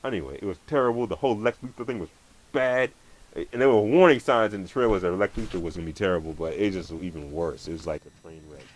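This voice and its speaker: Low-voiced male vlogger, profane and rambling, stumbles through his rant. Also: fast talker, low-quality recording. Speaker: vlogger ranting about movies. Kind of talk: angry profane movie rant.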